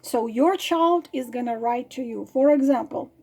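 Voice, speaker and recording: A woman with a delivery, speaking softly and emotionally, with frequent fillers, as she guides listeners through a self-healing writing exercise. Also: high voice, gravelly. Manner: emotional, soft, halting with fillers. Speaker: tarot reader. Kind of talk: casual guided exercise talk.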